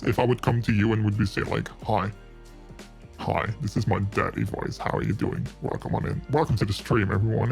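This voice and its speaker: A man doing a put-on voice of a smooth, rich, seductive "daddy" man, slow and hushed, with a soothing low tone. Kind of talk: live stream banter.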